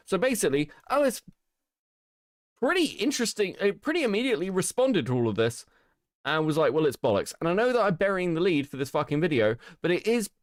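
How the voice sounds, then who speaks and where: Sarcastic, animated British man. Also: on the high side, no echo, studio quality. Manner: sarcastic, swearing, animated, laughing asides. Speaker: commentary streamer. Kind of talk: reaction commentary, reading documents aloud.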